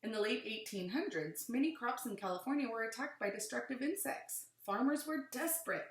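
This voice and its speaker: A woman's voice: on the high side, lively intonation, a little fast, roomy sound. A woman teacher reading a picture book aloud to young pupils and adding friendly asides.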